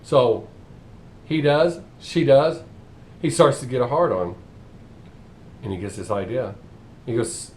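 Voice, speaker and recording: A man telling crude street jokes in a casual, animated way, laughing at his own punchlines. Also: mid-range voice, slow, long pauses, a little hiss or hum. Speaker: comedian.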